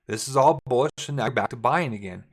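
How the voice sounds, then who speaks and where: A man's voice: mid-range voice, fast. Casual man teaching chart trading. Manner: casual, repetitive, talks while drawing charts. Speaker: trading instructor. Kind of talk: screen-share trading lesson.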